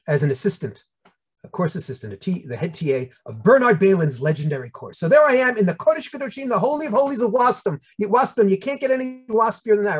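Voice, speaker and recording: Animated older man with a New York accent. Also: sits high, husky. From United States. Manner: animated, humorous storytelling with voiced asides. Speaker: speaker. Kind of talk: storytelling talk.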